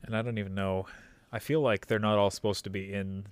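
A young man in casual podcast chat, talking in a thoughtful, measured way and pausing to search for words. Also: fairly low pitch, steady tone, smooth, dry recording.

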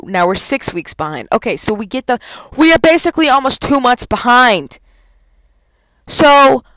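A young woman vents in a casual, exasperated rant full of swearing. Her voice sits a little high, and the sound is dry and close, with no room echo. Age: young adult. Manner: profane, exasperated ranting. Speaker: college student. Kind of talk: casual ranting vlog.

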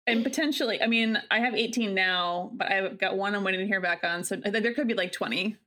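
A woman's voice: mid-range voice, brisk, a bit bright. A woman hosting a podcast in a casual chat, talking about her work as a wedding photographer in a giggly, easygoing way. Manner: chatty and giggly, with fillers like "like".

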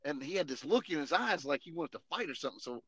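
A man, an Army veteran and podcast host, telling a casual, animated story full of swearing and "you know what I mean". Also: on the high side, fast, breathy edge, dry recording.

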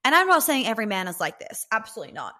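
Racing along with a sharp tone, a fairly high-pitched woman's voice swoops through big pitch swings. She's a relationship coach hosting a podcast, chatting bluntly, cursing freely, and saying "like" over and over.

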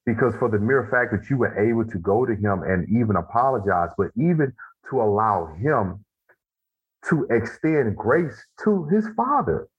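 A man talking about his own childhood and healing in a casual, heartfelt conversation, reflective and deliberate. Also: fairly low pitch, lively intonation, slightly rough. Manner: reflective, slow and deliberate when making a point. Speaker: guest, author of a men's journal. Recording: tinny phone-like line.

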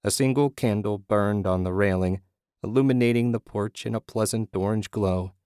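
Low-voiced man narrating a horror story. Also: normal speed, a little mellow, clear, resonant tone, no echo, studio quality.

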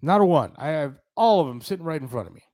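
A man's voice: on the high side, animated, fast talker, darkish tone. A man hosting a talk show trades heated blows with his co-host, his voice sitting well above most men's. He talks bluntly and accusingly and repeats his points over and over. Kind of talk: heated on-air argument.

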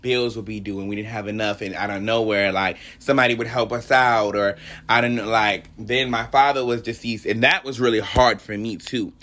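Young adult man, solo podcast host; heartfelt, rambling faith talk with a bright, animated voice. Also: mid-range voice.

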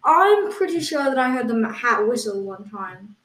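A woman co-hosting an improvised comedy podcast with a voice that sits a little high. She defends absurd claims in an earnest, hesitant way, full of ums. An echoey room surrounds her. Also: sing-song, normal speed, fairly bright tone. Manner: hesitant, insisting on absurd claims with a straight face. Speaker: podcast co-host.

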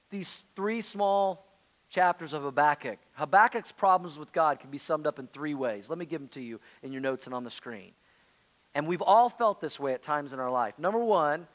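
A man preaching a sermon as pastor, moving between loud pleading outbursts and quiet, hushed lines. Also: sits high. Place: church sanctuary.

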